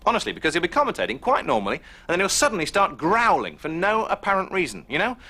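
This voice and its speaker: A man's voice: sits high, wildly swooping pitch, fast, sharp tone. A man hosting, delivering wry comic links. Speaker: comedian host.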